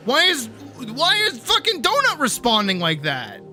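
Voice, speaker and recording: Excitable high-pitched man streaming. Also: measured pace, soft background music. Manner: animated, excitable, swears freely while demonstrating. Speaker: streamer and artist. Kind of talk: casual live-stream commentary.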